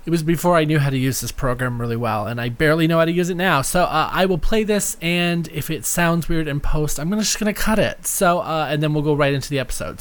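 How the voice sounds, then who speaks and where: A man's voice: fairly high pitch, quick pace, hardly any pauses, clean tone. Offhand man hosting a podcast. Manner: loose and offhand, laughs at himself, teasing asides. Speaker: podcast host. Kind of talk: casual podcast chat.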